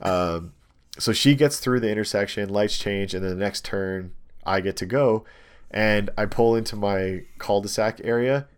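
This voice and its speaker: Man, young adult, fairly low voice, casual chat, rambling anecdote, frequent ums. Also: normal speed, clear, resonant tone. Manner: rambling, animated storytelling with many ums and likes. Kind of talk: casual chat, telling a story.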